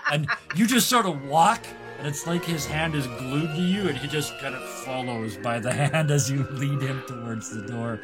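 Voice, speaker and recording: A man's voice: medium pitch, normal speed, few pauses, over loud music. Laughing man running a tabletop game. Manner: laughs often, loose improvised narration. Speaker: game master.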